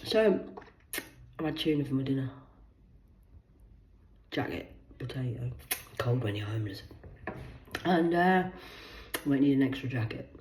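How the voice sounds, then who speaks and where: Low-voiced woman ranting in an echoey room. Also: animated, a little slow, long pauses. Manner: swears freely, jumps between loud bursts and muttered asides. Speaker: vlogger. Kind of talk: rambling personal storytime monologue.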